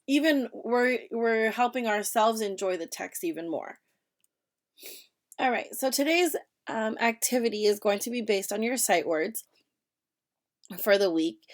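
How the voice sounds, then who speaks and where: A woman teacher giving a reading lesson to young children, speaking slowly and clearly and asking the class questions. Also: medium pitch. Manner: slow, clear classroom delivery with questions to students.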